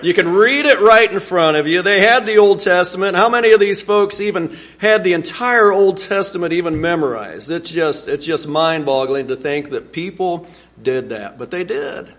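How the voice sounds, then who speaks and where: A man preaching a sermon, earnest and animated, with sudden swings in pitch and volume. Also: moderate pace. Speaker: pastor.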